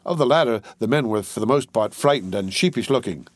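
A man reads an audiobook in a steady, measured way. His pitch is medium, and the studio-quality recording has no room sound.

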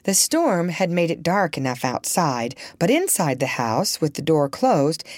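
An audiobook narrator, a woman with a mid-range voice, reads a children's story aloud in an expressive storytelling style. It's scripted storybook narration, recorded with clean studio sound and no echo.

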